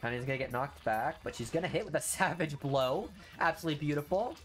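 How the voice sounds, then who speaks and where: A young man commenting on a mobile game he is streaming, grumbling low, then bursting out loud in frustration. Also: quick pace, soft background music. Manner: frustrated ranting, swings from low muttering to loud outbursts. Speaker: gaming streamer. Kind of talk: casual gameplay commentary.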